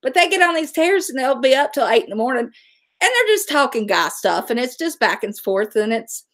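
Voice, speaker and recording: A woman's voice: sits high, big pitch swings, a little fast, fairly bright tone. A middle-aged woman, hosting a casual livestream, chatting and answering viewer comments. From West Virginia, USA. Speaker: livestream host.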